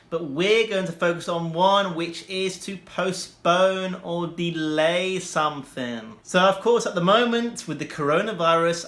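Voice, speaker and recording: Bright-voiced man teaching in an echoey room. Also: fairly high pitch. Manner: slow, deliberate example sentences with bursts of quick asides. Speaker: English teacher. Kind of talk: explaining vocabulary to learners.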